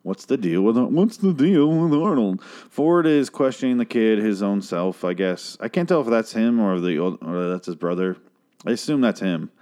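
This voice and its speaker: A man with a somewhat low voice talks through a TV episode in loose, rambling recap mode. He stops and restarts his sentences and swears freely. He pops into exaggerated high-pitched impressions of the characters. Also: normal speed, darkish tone. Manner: rambling, profane, restarts a lot; mimics characters in a raised voice.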